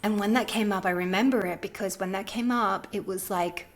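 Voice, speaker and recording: A woman's voice: medium pitch, fairly quick. A woman guest on a podcast, telling a personal story in a casual, chatty way, with lots of "like" fillers. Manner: chatty, frequent "like" fillers, animated retelling.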